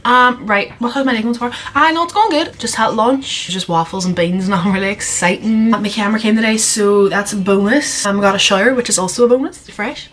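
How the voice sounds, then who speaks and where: A woman's voice: mid-range voice, a little fast, few pauses, a bit bright. A young woman, answering viewer questions in a casual vlog, chatty and candid, laughing at herself and rambling with lots of "like"s. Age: young adult. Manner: chatty, candid and self-mocking, rambling with many "like"s. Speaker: YouTuber.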